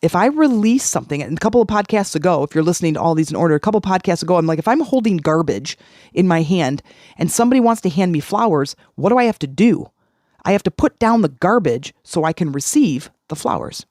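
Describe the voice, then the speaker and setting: A middle-aged podcast host coaching listeners through a self-help talk. The delivery is earnest, circling back to the same phrases to stress them. The voice sits at a middling pitch and sounds dry and close, with no room around it. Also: animated, fast talker, a little mellow, no echo. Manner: earnest, repeats key phrases for emphasis.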